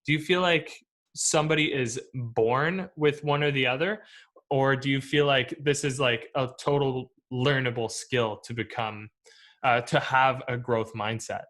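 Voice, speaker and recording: Man hosting a casual interview, mid pitch, loose curious questions. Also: fairly even intonation, unhurried, fairly bright tone. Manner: curious, rambling questions with restarts. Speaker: podcast host.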